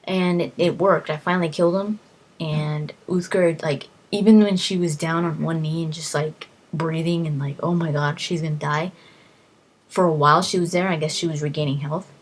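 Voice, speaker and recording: The low, husky voice of a woman chatting about a game she loves. She rambles eagerly, tripping over and repeating her words. It sounds like a casual, unscripted gaming vlog. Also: steady tone, moderate pace. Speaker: gaming vlogger.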